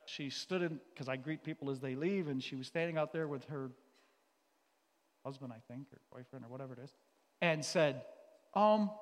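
A man with a high voice preaches a sermon in a hall. He speaks with passion, with sudden loud outbursts that give way to quiet, earnest passages. The hall's long reverb trails after his words. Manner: impassioned, shifts between loud outbursts and quiet earnest stretches. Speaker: teacher and pastor. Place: church or hall.

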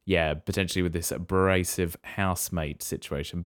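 Male co-host, lower voice, playful plot-guesser, dry close sound. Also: fairly even intonation, moderate pace, no echo. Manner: jokey, musing aloud, slips into silly voices. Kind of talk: casual playful chat.

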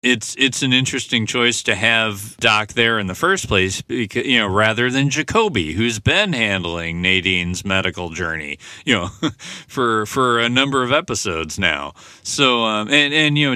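A man's voice: lowish voice, sharp tone, no room sound, studio quality. A man hosting a podcast, recapping a TV episode in casual, rambling talk full of "you know" fillers. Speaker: podcast host.

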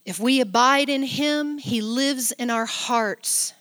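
Slow, bright-voiced woman preaching. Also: a little high, in a large hall. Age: middle-aged. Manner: swings from loud exclamations to soft near-whispers; affectionate, speaks straight to the congregation. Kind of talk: sermon with scripture reading.

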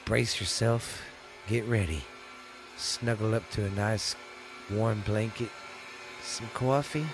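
A man's voice: animated, measured pace, loud music behind the voice. A man hosting a spooky podcast in a rambling, casual way. He has a stuffy nose from a sinus cold and keeps repeating himself. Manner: rambling, repeats himself, drops to a low murmur for spooky effect. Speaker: podcast host. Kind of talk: casual chat.

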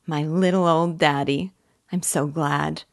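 A woman voicing a playful, affectionate young daughter who talks in a lively, coaxing way. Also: deep voice, slow pace, vocal fry, heavily acted.

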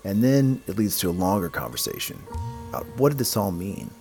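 A man narrating a podcast in a relaxed, musing way. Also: low voice, fairly quick, gravelly, faint music behind. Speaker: podcast host.

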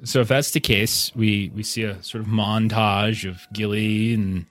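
A man narrating a tabletop game as game master, relaxed and halting, with frequent fillers. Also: fairly low pitch, no echo.

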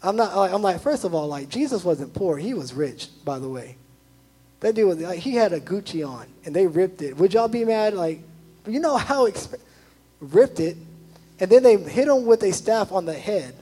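A young man, a youth pastor, giving a casual, animated sermon full of "like" asides. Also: sits high, moderate pace, slightly rough, low-quality recording.

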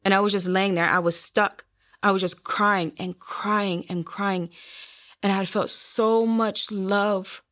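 A woman's voice: mid-range voice, steady tone, a little slow, a bit bright. Earnest woman telling her testimony. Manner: earnest storytelling, acting out quoted voices. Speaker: guest sharing her testimony. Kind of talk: personal testimony interview.

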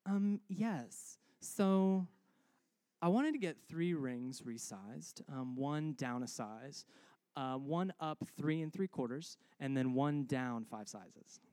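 A man doing a halting, fussy customer. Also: on the high side, expressive, a little mellow, no room sound. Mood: hesitant. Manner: hesitant, slow and halting. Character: fussy customer with a complicated request.

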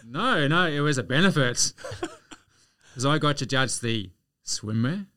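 An Australian man appears as a podcast guest, telling anecdotes in a chatty, casual way and chuckling through his stories. His mid-range voice is bright and forceful with lively intonation, a little slow, on a dry recording.

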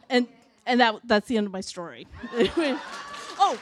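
A woman's voice: high voice, a little fast, no echo. A woman in her forties telling a funny personal story live, chatty and laughing, with many restarts and quoted asides.

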